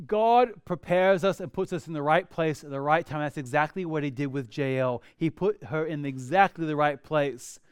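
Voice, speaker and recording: High, smooth-voiced preacher man. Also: normal speed, few pauses, no room sound, studio quality. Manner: animated storytelling with humorous asides. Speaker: pastor. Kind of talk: sermon.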